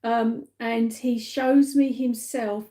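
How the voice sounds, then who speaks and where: A woman giving a live psychic reading, speaking gently and haltingly with many fillers and repeats. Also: a little high, steady tone. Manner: soft and emotional, addresses viewers by name. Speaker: psychic medium. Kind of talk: live-streamed spirit reading.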